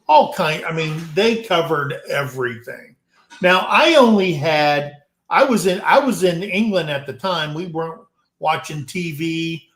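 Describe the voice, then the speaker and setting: An American man hosting a casual live-stream chat, telling long stories in a rambling, unhurried way. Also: fairly high pitch, a bit bright, echoey room. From United States. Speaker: host.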